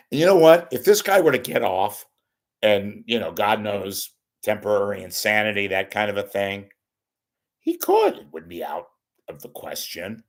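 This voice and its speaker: Animated, rambling male talk host. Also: fairly low pitch, moderate pace, creaky. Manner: animated, wisecracking, swings loud and quiet. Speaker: host of a live online talk show. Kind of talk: rambling solo commentary.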